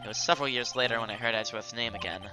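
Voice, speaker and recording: A man voicing an earnest young male defense attorney who tells his past in a soft, wistful way. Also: medium pitch, very fast, over music, lightly acted.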